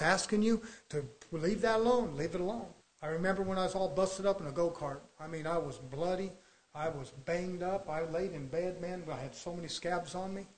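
A male preacher with a slightly higher voice delivers a fervent sermon. He drops into quiet, confiding asides, then swells into loud exhortation. He tells stories in a down-home, colloquial manner. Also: low-quality recording. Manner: folksy, colloquial storytelling.

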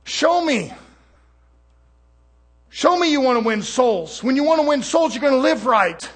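A man's voice: very high-pitched, lively intonation, measured pace, exaggerated voice. A male preacher voicing God as a stern, impatient father who scolds bluntly. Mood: scolding.

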